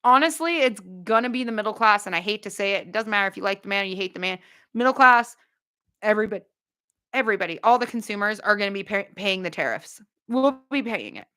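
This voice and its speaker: A woman hosting a casual livestream, chatting bluntly with viewers, with quick asides and no filter. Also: mid-range voice, lively intonation, sharp tone. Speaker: livestream host.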